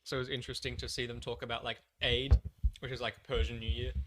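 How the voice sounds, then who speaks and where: A man with an Australian accent co-hosting a casual pop-culture podcast, loose and quick to laugh and swear. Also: mid-range voice, flat delivery, noisy background. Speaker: podcast co-host. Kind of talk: casual chat. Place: studio room, live-streamed podcast.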